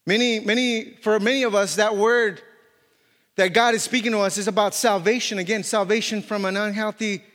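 A man with a notably high voice preaches in a loose, animated style, full of restarts and "you know" fillers. His voice rings through a reverberant church hall with a long tail of echo. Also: brisk. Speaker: pastor. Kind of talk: sermon.

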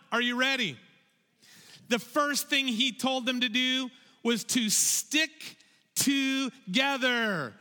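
A man with a high, bright voice leads a children's sermon, speaking slowly and drawing out his words. He keeps asking the kids to say phrases back to him. His voice rings with the long reverb of a large hall. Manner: animated, calls for audience repetition. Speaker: children's pastor.

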